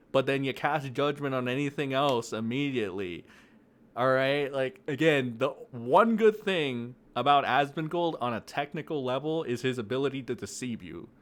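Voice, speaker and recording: A young man ranting aggressively into a desk mic, profane and mocking, as an online commentator. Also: medium pitch. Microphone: desk mic, no camera.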